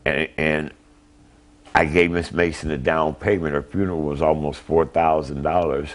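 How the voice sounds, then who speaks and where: Older grandpa, very low voice, plain halting talk in a TV interview. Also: male voice, little pitch movement. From Ohio. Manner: plain, halting, retells phone calls. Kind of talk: emotional interview answers.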